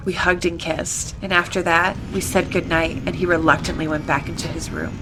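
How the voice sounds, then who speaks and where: A woman's voice: fairly low pitch, level tone, moderate pace, noisy background. A young woman reading fan fiction aloud in a wry, dry way for comedy. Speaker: reader.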